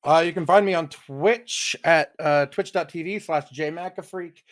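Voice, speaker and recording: A man's voice: a little high, moderate pace. A man guesting on a podcast in casual chat, offhand and laid-back.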